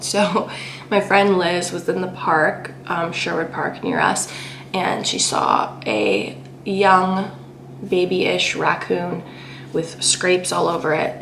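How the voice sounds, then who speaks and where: A woman's voice: lowish voice, gravelly, a bit bright, slight background noise. A young woman from Canada telling a long, emotional story in a chatty vlog, rambling with lots of fillers. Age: young adult. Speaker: vlogger. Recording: echoey room.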